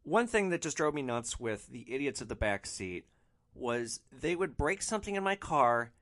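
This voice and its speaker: A man hosting a podcast, telling rideshare stories in an animated, exasperated and wry monologue. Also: mid-range voice, normal speed. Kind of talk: storytelling monologue.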